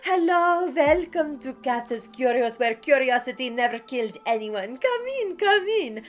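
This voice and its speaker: A woman voicing a cheerful, flustered female cat-folk shopkeeper who gushes over her guests in a high, bright voice. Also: faint music behind. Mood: gushing. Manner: gushing, fast, high and excited.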